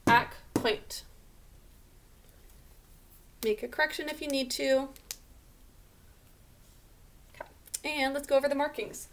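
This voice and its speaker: A woman's voice: sits high, steady tone, takes it slowly, pauses often, a bit bright, slight background noise. A woman teaching a remote spelling lesson to children, patiently sounding out words letter by letter.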